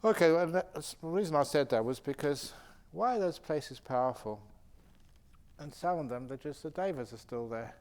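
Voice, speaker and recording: A man, a Buddhist monk and meditation teacher, telling lively anecdotes with laughter during a retreat question-and-answer session. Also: fairly high pitch, moderate pace. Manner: animated anecdotal storytelling with frequent laughter. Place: meditation retreat centre hall.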